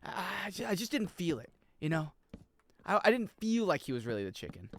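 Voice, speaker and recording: A man's voice: high-pitched, big pitch swings, fairly quick, a bit bright, a little hiss or hum. A young adult man streaming a game in casual chat, rambling, swearing and laughing as he plays.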